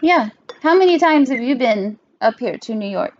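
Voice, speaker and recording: A woman's voice: on the high side, expressive, moderate pace, highs cut off. A young woman, hosting a casual podcast chat with her father, giggly and full of fillers. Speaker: podcast host.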